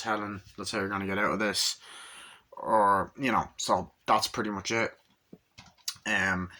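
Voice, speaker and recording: A man's voice: lowish voice, bright, forceful tone. A man giving a casual, rambling film review, swearing a lot and acting out scenes with sound effects.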